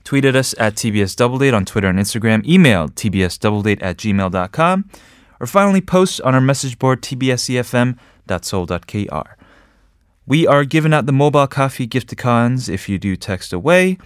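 A man's voice: mid-range voice, lively intonation, brisk, clear, resonant tone, no room sound, clean studio sound. A man hosting a radio show, reading a script and then chatting with jokes and small laughs. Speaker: radio host. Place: radio studio. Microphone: studio microphone.

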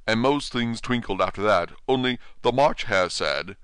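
A man's voice: fairly low pitch, lively intonation, normal speed, a bit bright, clear, resonant tone, no echo, clean studio sound, pitched above the performer's own voice. A man voicing a nervous, trembling hatter who stammers anxiously.

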